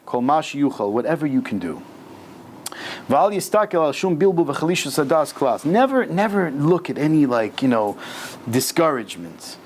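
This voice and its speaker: A man as a rabbi giving an animated religious lesson, mixing scripture with casual slang, in a synagogue basement. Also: fairly high pitch, normal speed, slight background noise. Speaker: rabbi teaching a weekly class. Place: synagogue basement room, indoors.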